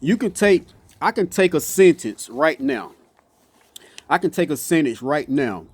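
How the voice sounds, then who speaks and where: A man's voice: a little high, big pitch swings, a little slow, a little mellow, husky, dry recording. A man speaking in a casual, impassioned off-the-cuff monologue, repeating himself and stumbling into restarts. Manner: passionate, repeats "you see what I'm saying", stumbles and restarts. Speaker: motivational speaker.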